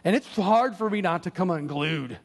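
A male pastor preaching a sermon in an earnest, conversational way with animated asides. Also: high-pitched, moderate pace. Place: church sanctuary. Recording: long church hall reverb.

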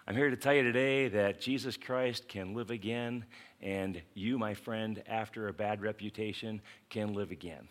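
A pastor preaching a sermon, telling a Bible story in a lively way and acting out the characters. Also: male voice, lowish voice, moderate pace.

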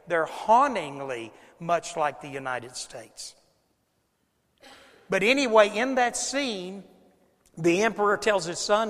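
A man with a high voice delivers a sermon in a church, his words trailing off in a long hall reverb. He is conversational and emphatic, repeating phrases and turning straight to the congregation. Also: a bit bright. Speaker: preacher.

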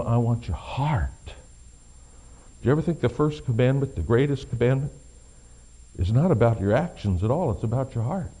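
Middle-aged male pastor preaching with a mellow voice. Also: medium pitch. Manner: swings from quiet to loud, stressed emphatic delivery. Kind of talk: sermon.

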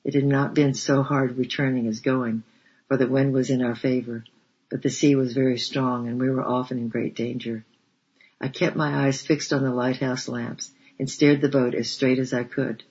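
A man narrating a storybook in a measured, steady reading voice. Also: medium pitch, breathy edge. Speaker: audiobook narrator. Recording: dull lo-fi recording.

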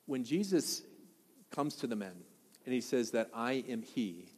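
A young man from Wisconsin preaches to his congregation, mixing scripture with animated personal stories and direct questions to the crowd. His voice sits at an ordinary male pitch. A long reverb from the church hall trails each phrase. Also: unhurried. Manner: animated storyteller, asks the audience questions. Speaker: pastor. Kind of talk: sermon.

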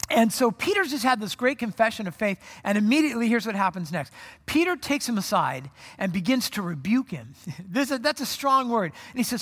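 A pastor giving a conversational sermon at a worship service, telling the story in an animated way with frequent restarts. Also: medium pitch, a little fast. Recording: long hall reverb.

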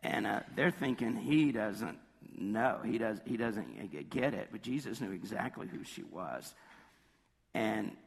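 A hoarse man preaching a sermon in a conversational storytelling way, slipping into quoted voices. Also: lively intonation, measured pace, long reverb tail. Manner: conversational storytelling, acts out quotes with jumps in pitch.

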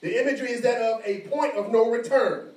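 A high-voiced man preaches with energy, slipping into the voices of the people in his story. The sound is echoey and comes from a distance, as in a large room. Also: a little fast. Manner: animated preaching, acting out voices. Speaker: pastor. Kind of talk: sermon.

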